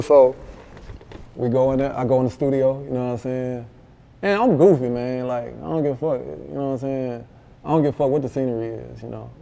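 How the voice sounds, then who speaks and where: A man with a Memphis accent, a rapper telling a story in a casual interview, animated and full of slang, acting out what others said. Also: mid-range voice, a little fast, creaky. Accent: Southern US, Memphis. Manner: animated, slangy, acts out quoted dialogue. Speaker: rapper guest.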